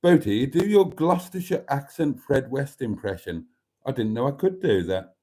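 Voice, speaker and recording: A man's voice: medium pitch, sing-song, normal speed, mellow. A man hosting a live stream, reading out viewer comments in a casual chat and calling his viewers darlings with mock-grand phrasing.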